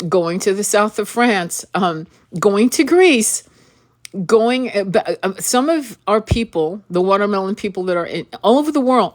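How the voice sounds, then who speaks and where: An earnest woman hosts an impassioned spoken monologue in a lowish voice. She pleads with her listeners and fires direct questions at them, stumbling and repeating words as she pushes on. A dry cough keeps catching her throat. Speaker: spiritual reader and channel host.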